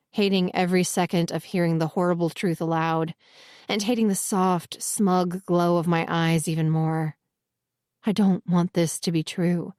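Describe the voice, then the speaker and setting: A woman narrating a first-person romance audiobook in a steady, earnest reading voice. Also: lowish voice, no room sound, studio quality.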